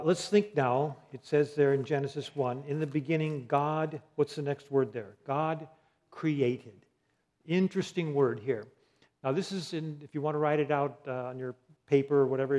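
A man teaching a Bible lesson in a slightly high voice. He quizzes his listeners and answers his own questions. He spells out key words letter by letter and pauses often on fillers. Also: a little mellow. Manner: asks the audience questions and answers them.

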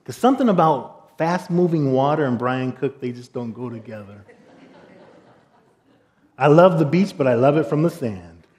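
A middle-aged man preaching, telling a humorous personal story with lively quoted dialogue. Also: mid-range voice, moderate pace. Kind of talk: storytelling sermon.

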